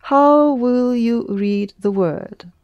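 A woman's voice: fairly high pitch, very slow, clear, resonant tone, no room sound, highs cut off. A woman teaching a lesson in English, explaining patiently and prompting her student with questions. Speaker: Russian language teacher. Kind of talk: one-on-one language lesson.

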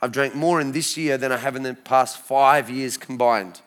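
A man in his forties with an Australian accent, telling his faith story to a church crowd in a lively, storytelling way. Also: medium pitch, moderate pace. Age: 40s. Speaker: speaker sharing his testimony. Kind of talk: church testimony talk.

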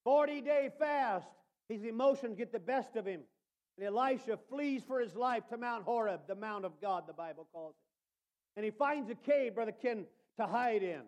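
Man preaching a sermon, very high voice, hushed asides, shouted peaks, calls listeners brother. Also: normal speed. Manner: swings between quiet asides and shouted emphasis; addresses listeners by name as brother.

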